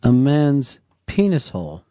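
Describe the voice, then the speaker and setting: This talk radio host speaks a little slowly in a mellow, mid-range voice marked by huge pitch swings. Using a studio microphone with a dry recording, he swaps crude jokes with his co-host and takes calls in casual banter.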